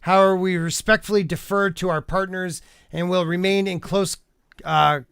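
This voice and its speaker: A man's voice: high voice, fairly even intonation, moderate pace, gravelly, fairly bright tone, clean tone, no echo, studio quality. A man hosting a casual podcast panel chat, blunt and profane, who keeps tripping over words as he reads aloud. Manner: stumbles over words while reading aloud. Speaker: podcast host.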